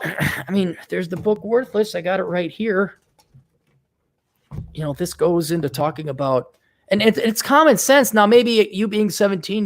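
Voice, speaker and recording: A middle-aged man with a fairly high-pitched voice hosts a show and gives advice off the cuff. His delivery is blunt and lively, and he swears freely. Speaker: host giving advice. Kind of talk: unscripted advice monologue.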